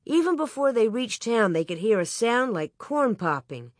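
An audiobook narrator reading a children's story aloud in an even, clear way. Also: medium pitch, moderate pace, no room sound, studio quality.

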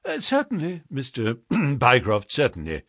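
A man voicing a nervous male company manager who talks in a rushed, strained, pleading way. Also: medium pitch, sing-song, fairly bright tone, dry recording, studio quality. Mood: forced calm.

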